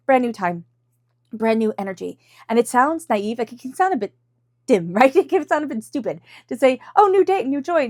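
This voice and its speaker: Woman tarot reader, casual and reassuring, mid pitch, dry close recording. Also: a little mellow, no room sound. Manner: chatty, reassuring, acts out quoted thoughts, laughs often. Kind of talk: casual tarot reading to camera.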